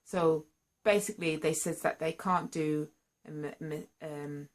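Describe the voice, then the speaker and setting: A woman telling her own story to camera, candid and earnest, and lively when excited. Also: deep voice, unhurried. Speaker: singer sharing a personal story. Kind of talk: candid personal vlog storytelling.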